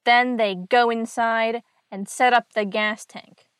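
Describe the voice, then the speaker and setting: A woman hosting a podcast, retelling a comic book plot in a loose, conversational way and slipping in wry jokes along the way. Her voice sits a little on the high side. The sound is dry and close, with no room echo. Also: fairly even intonation, slow pace, a bit bright. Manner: wry, chatty asides and jokes. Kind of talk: casual comic recap narration.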